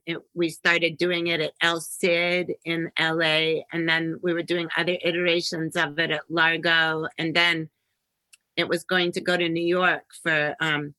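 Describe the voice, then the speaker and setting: Woman host, middle-aged, very bright tone, dry close sound, chatty and laugh-prone. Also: low-pitched, no room sound, low-quality recording. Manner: chatty, laughs often, swears casually. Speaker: podcast host. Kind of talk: casual interview chat.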